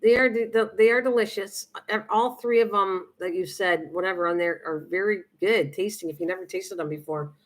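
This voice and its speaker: A woman's voice: mid-range voice, fairly quick, hardly any pauses. Chatty, rambling woman live streamer. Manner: chatty, rambling, many restarts and fillers. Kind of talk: casual live stream chat with viewers.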